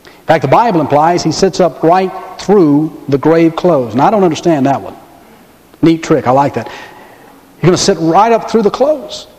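A pastor preaching a sermon, telling the story dramatically and slowing down and pausing to stress points. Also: male voice, fairly high pitch, expressive, a little mellow. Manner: dramatic storytelling, pauses and slows for emphasis. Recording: long hall reverb.

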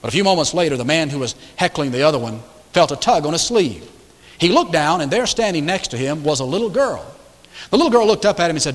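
A man's voice: a little high, expressive, fast talker. A male pastor preaching a sermon in a church auditorium, with rhetorical questions and emphatic repetition. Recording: echoey large hall.

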